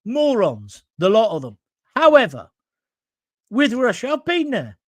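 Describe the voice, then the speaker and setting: A man's voice: sits high, wildly swooping pitch, a little slow, no echo. Blunt man hosting a talk show. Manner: blunt, combative, rambling rant. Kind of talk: live talk show, reading viewer comments. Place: studio in front of a green screen.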